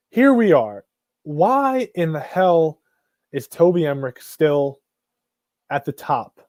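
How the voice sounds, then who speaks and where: A man's voice: a little high, darkish tone, no echo, studio quality. A man hosting a casual live stream, talking bluntly and rambling with frequent restarts and some swearing.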